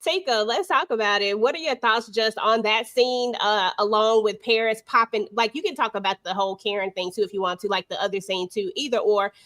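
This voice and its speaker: A woman's voice: medium pitch, fairly quick, hardly any pauses. A woman hosting a live panel over a video call, chatting casually and expressively about a TV episode in slangy speech. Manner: slangy, expressive, keeps it real. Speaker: panel host.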